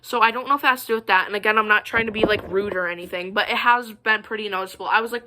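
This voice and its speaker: A woman's voice: medium pitch, fast talker, bright, forceful tone. A young woman vlogger telling stories to the camera in a casual, chatty and rambling way. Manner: chatty, rambling, many fillers and asides.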